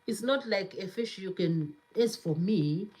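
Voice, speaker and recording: Slow-talking, giggly woman host. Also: medium pitch, mellow, low-quality recording. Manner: giggly, laughs often, repeats herself. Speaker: cooking channel host. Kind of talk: casual live-stream chat, reading viewer comments aloud.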